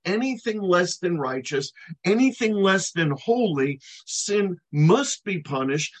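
Husky male preacher, dramatic emphasis. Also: high-pitched, low-quality recording. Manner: emphatic, slows to stress key words, drops to near-silent on final words. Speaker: pastor. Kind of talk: expository sermon.

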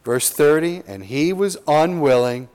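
A man preaching a verse-by-verse sermon in a slightly high voice. His delivery is unhurried and earnest. He leans hard on key words and keeps asking his listeners questions. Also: animated, a little mellow, smooth. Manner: earnest, emphatic, with slow drawn-out stresses and rhetorical questions. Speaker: pastor. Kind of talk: expository sermon.

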